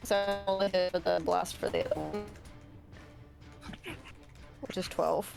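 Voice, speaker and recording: A woman's voice: lowish voice, huge pitch swings, takes it slowly, creaky, music in the background. Woman player checking rules aloud. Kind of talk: casual tabletop game play.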